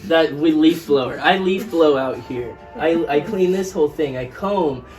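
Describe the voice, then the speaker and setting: A man's voice: a little high, unhurried, recorded from a distance, over loud music, rough recording. A man in his twenties co-hosting a casual podcast, rambling with lots of restarts and "like". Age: 20s. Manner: rambling, restarts often, heavy use of "like". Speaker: podcast co-host.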